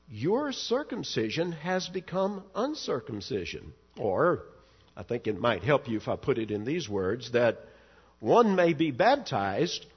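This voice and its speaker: Husky, emphatic male preacher, slow delivery. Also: on the high side, dull audio. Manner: earnest, emphatic, rising to stress key words. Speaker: pastor. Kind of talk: expository sermon.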